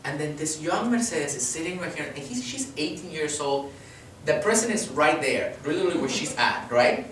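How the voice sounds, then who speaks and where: A man with a fairly high voice tells an animated story to an audience, acting out quotes and checking in with "right?". He stands well back from the mic in a very echoey hall, with a faint hiss behind him. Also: normal speed, few pauses, far from the mic. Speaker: activist speaker. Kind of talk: public talk to an audience. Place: lecture hall.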